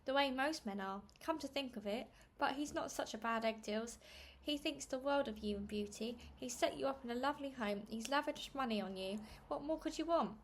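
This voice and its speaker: A woman's voice: high-pitched, a little fast, a little hiss or hum, voice pushed up. A woman reading aloud and voicing a glib, self-serving middle-aged aunt who gushes and brushes off other people's troubles. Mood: dismissive. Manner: gushing, breezy, talks over others.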